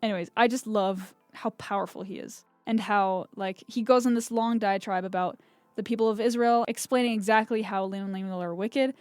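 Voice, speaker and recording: A woman's voice: medium pitch, fairly even intonation, brisk, darkish tone, clear, resonant tone, no echo, soft background music. A young woman host reading scripture aloud and chatting enthusiastically about it, with lots of "like" fillers. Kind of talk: scripture reading with casual commentary.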